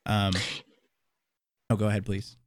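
A young man streamer chatting in casual conversation, relaxed and reflective, with filler words. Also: lowish voice, measured pace, no echo, clean studio sound. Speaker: Twitch streamer.

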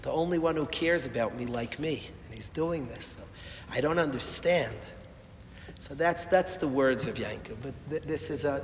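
A man giving an emotional sermon, impassioned and repetitive, swinging from loud appeals to hushed words. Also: mid-range voice, normal speed, a little hiss or hum. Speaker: rabbi or Torah speaker. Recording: echoey hall, faint ambience.

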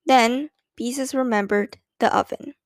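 A woman narrating a children's storybook with a clear, expressive reading. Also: on the high side, measured pace, no room sound, studio quality. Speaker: audiobook narrator.

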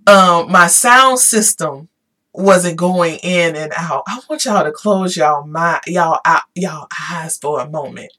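A woman talking casually to her viewers, animated and emphatic, repeating her points and growing emotional at times. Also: fairly low pitch, takes it slowly. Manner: animated, repetitive, emphatic, Southern-style "y'all". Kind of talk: casual motivational talk to viewers.

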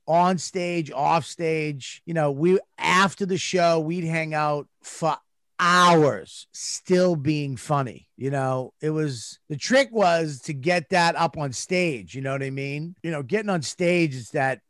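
A man's voice: fairly high pitch, fairly bright tone, no echo. Profane, rambling male comedian, dry sound. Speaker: comedian guest. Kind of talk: casual storytelling chat.

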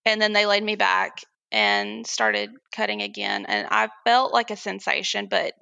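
A young woman candidly telling a personal story as a guest, animated and often laughing as she acts out what others said. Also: medium pitch, unhurried, vocal fry, clean tone, dry recording.

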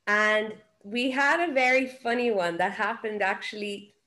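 A woman's voice: medium pitch, unhurried, bright, forceful tone. A young woman co-hosting a podcast, telling stories in a cheeky, upbeat way. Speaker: podcast co-host. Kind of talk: casual chat.

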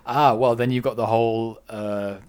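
A man co-hosting a casual discussion, weighing both sides of a question in a measured way. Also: mid-range voice, steady tone, darkish tone, smooth. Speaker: podcast co-host.

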